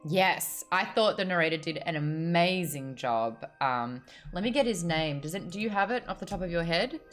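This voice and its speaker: A woman's voice: fairly low pitch, lively intonation, moderate pace, soft background music. An Australian woman hosting a casual book chat on a video call, bubbly and chatty. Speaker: host.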